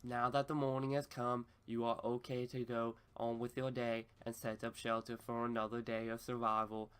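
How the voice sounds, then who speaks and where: A man voicing a male wilderness survival show host in a put-on Australian accent, with a stiff, formal, deadpan delivery in a comedy skit. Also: medium pitch, moderate pace, smooth, lightly acted. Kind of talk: comedy skit narration over gameplay.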